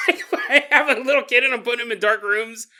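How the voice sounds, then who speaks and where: A man hosting a podcast, telling a creepy story in a casual, animated way, laughing often and jumping into quick kid voices. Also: extremely high pitch. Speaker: podcast host.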